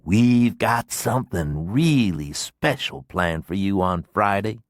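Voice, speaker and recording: An actor voicing a cold, merciless dead man bent on revenge, with a deep gravelly voice and a menacing manner, in an audiobook. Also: lively intonation, takes it slowly, no echo, studio quality. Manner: menacing, speaks through clenched teeth. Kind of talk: audiobook character voice.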